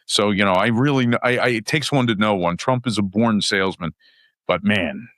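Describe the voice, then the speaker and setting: A middle-aged man from West Virginia, a podcast guest telling anecdotes in casual chat, crude and animated, acting out crowds as he goes. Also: medium pitch, moderate pace, no room sound, studio quality. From West Virginia, USA.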